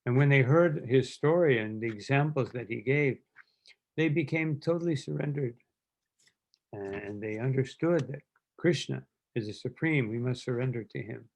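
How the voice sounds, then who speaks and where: A man giving a devotional lecture, telling stories with quoted lines and often clearing his throat. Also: mid-range voice, moderate pace, darkish tone. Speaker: spiritual teacher giving a lecture.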